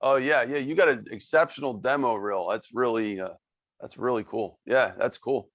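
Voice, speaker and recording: A man from South Philadelphia hosting a video call podcast interview, friendly and halting, often repeating his words. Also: mid-range voice, fairly bright tone, no echo. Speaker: podcast host. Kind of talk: casual interview.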